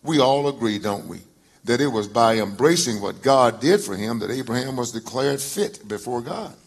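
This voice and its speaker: Husky pastor reading scripture. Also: male voice, medium pitch, expressive, moderate pace. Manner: reads scripture in a folksy drawl with rising emphasis.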